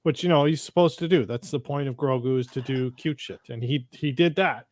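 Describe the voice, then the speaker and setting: A man's voice: medium pitch, fairly quick, a little mellow, no echo. A man co-hosting a casual pop culture show, talking bluntly and swearing now and then. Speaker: podcast co-host. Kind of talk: casual chat.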